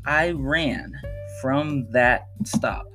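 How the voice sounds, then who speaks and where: A man's voice: mid-range voice, extremely slow, pushed and bright, soft background music. Earnest man telling a personal story. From Chicago. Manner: earnest, emphatic, repeats phrases for emphasis. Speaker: podcast host.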